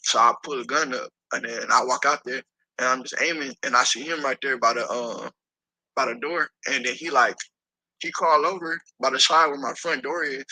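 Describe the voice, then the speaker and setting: A man telling a story as an interview guest, animated and profane, acting out the voices of the people in it. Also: medium pitch, moderate pace, no room sound, low-quality recording.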